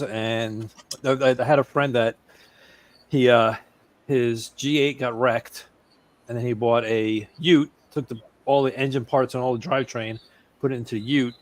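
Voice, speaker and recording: A man telling a casual story as a guest, halting and repeating himself, laughing at his own tale. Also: medium pitch, no echo.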